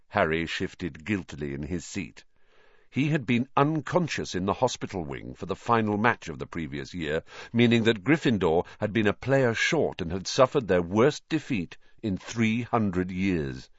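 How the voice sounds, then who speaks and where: A man's voice: sits low, normal speed, no room sound, lo-fi sound. A man narrating an audiobook expressively. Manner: expressive storyteller voicing every character.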